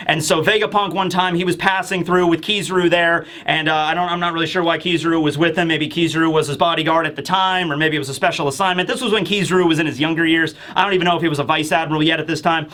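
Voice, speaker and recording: A man's voice: a little high, fairly even intonation, fast, hardly any pauses, bright, forceful tone. A man hosting a casual comic review, talking in a rambling, enthusiastic way with lots of fillers. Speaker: manga review host. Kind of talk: casual commentary.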